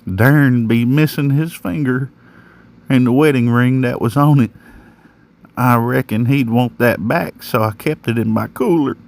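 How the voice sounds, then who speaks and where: A man telling a first-person horror story in a folksy, plain-spoken rural manner. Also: mid-range voice. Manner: folksy, rural drawl with slang.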